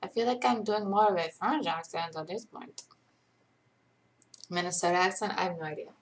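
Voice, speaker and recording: A young livestream host with a fairly low voice speaks at normal speed during a casual late-night Q&A from home. She rambles chattily and often pokes fun at herself.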